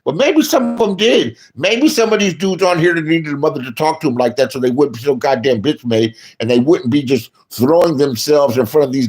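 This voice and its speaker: In a gravelly voice, a man giving streamer commentary rants casually and profanely, shifting between quiet mutters and loud bursts of bluntness.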